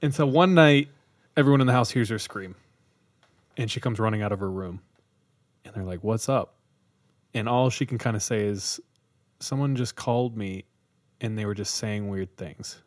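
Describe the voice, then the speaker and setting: A man's voice: on the low side, moderate pace, long pauses, no room sound. A man hosting a podcast, casually retelling a creepy story with quoted voices and easy jokes. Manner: laid-back, jokey, tells stories with quoted voices. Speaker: podcast host.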